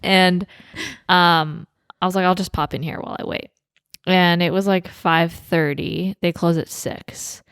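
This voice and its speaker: A woman co-hosting a podcast in casual chat, with a fairly low voice. She tells a story and acts out both sides of it. The sound is dry and close. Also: fairly even intonation, a little slow, a bit bright, smooth, no echo. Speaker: podcast co-host.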